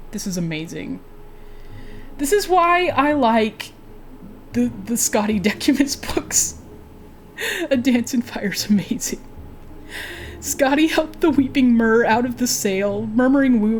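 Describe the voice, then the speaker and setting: A woman's voice: fairly high pitch, animated, a little slow, pauses often, a little mellow, soft background music. A woman streaming a game, reading a book aloud and breaking off for chatty, giggly asides.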